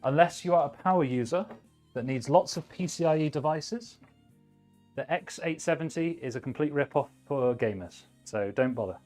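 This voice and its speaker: A man's voice: fairly high pitch, moderate pace, a little mellow, soft background music. Chatty man giving blunt PC advice. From United Kingdom. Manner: chatty, blunt advice, thinks aloud while working. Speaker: livestream host, PC builder. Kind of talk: casual live-stream chat.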